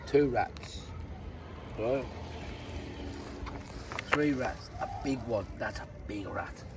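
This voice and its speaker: A man's voice: mid-range voice, drawn-out words. A man rambling chattily through a walking travel vlog, filmed outdoors at night on a handheld camera. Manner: rambling, chatty storytelling with many restarts. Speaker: travel vlogger. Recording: noisy outdoor street recording. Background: street noise and barking dogs.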